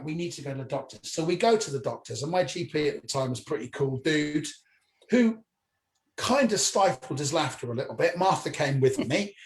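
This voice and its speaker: A man, a stand-up comedian, telling a long personal story in an animated way, acting out the voices of the people in it and swearing freely. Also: on the high side. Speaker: comedian guest. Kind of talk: anecdotal storytelling. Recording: echoey room with faint noise.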